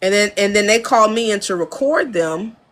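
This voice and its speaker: An American woman who works as an audio engineer and producer speaks frankly in a casual interview from her home studio, laughing often. She's an animated storyteller who acts out studio dialogue, with a medium-pitched voice at a moderate pace.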